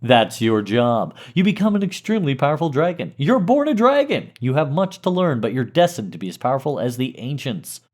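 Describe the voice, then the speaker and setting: A man putting on a hammy radio announcer voice to pitch a game, in a hyped announcer delivery. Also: big pitch swings, a little fast, hardly any pauses. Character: booming male radio announcer. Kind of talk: mock radio ad read.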